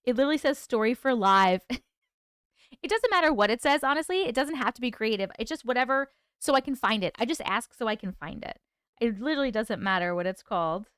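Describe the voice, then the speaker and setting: A chatty woman hosts a livestream, greeting her viewers one by one and reading their comments back to them. Her voice sits high and swings widely in pitch, smooth and clear, with a dry close sound. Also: a bit bright, no room sound. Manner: laughs often. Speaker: livestream host. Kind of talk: casual livestream chat.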